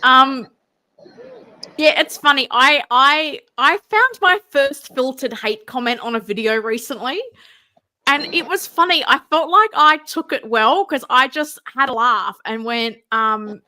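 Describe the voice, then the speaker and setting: A woman co-hosting a casual live stream, chatty and quick to laugh, reading viewer comments aloud. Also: high voice, lively intonation, sharp tone.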